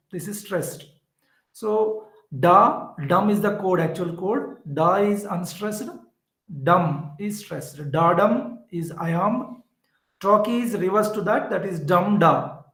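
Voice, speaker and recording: A man's voice: sits high, roomy sound, low-quality recording. A man with an Indian English accent teaching a lesson, explaining step by step and repeating key words. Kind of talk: lecture.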